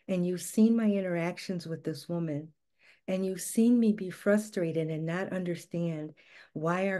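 A woman's voice: on the low side, dark tone. A woman in her forties telling a personal story to an audience in an earnest, emphatic way, often asking rhetorical questions. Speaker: guest speaker.

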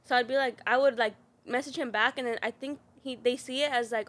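A woman's voice: a little high, steady tone, a little fast, a bit bright. A young woman telling a story in casual chat, with lots of "like" and swearing. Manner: storytelling, heavy use of "like", swearing. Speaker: podcast guest.

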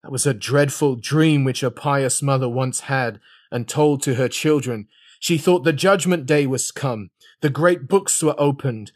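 A man's voice: medium pitch, measured pace, dry recording, clean studio sound. A man reading an old sermon aloud in a solemn, dramatic preaching manner. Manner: solemn, dramatic, shifting pace. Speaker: sermon reader.

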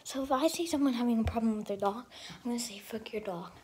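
A woman talking to camera in a rambling, profane vlog rant, swinging between loud outbursts and half-whispered asides. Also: on the high side, rapid-fire, husky. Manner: profane and ranting. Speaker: vlogger.

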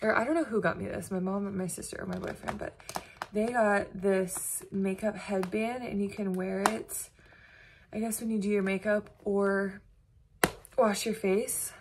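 Indoors at home, a US vlogger chats to her phone camera in a bubbly, gushing style. She speaks at medium pitch with a steady tone and measured pace, and there's background noise in the clip.

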